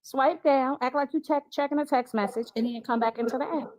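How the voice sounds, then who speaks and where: A woman on a live-stream panel who speaks in a pointed, direct way and gives clear instructions. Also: sits high, steady tone, fairly quick, a little mellow, no room sound. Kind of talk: casual live-stream debate.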